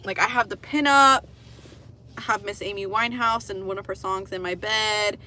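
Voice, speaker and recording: Bright-voiced woman telling stories. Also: medium pitch, moderate pace. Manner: animated, profane, laughs at her own stories. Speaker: livestream host. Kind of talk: casual livestream storytelling.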